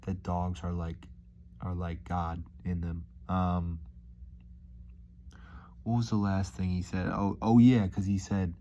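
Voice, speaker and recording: A relaxed man muses out loud in a loose, rambling way, tossing in dude and man. His voice sits low and mellow. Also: takes it slowly, long pauses, slight background noise. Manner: laid-back, rambling, says dude and man a lot. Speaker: vlogger. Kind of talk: casual reflective monologue.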